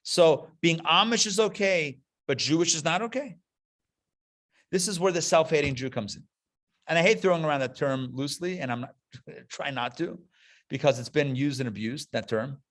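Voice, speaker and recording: A man with a slightly high, fairly bright voice speaks at a normal speed. He is a rabbi giving a fervent live lecture in a classroom, driving points home by emphatically repeating key phrases.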